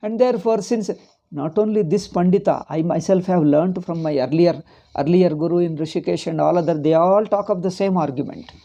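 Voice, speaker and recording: A man's voice: high voice, a little fast, creaky, warm tone. A man, teaching a scripture class and explaining patiently, with many repeats and Sanskrit terms. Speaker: Vedanta teacher.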